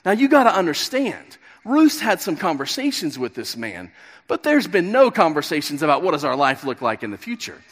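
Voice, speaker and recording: High-voiced man preaching in a reverberant hall. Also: wildly swooping pitch, a little fast, fairly bright tone. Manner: storytelling, acts out the characters' lines. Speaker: pastor. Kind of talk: sermon. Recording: long reverb of a large hall.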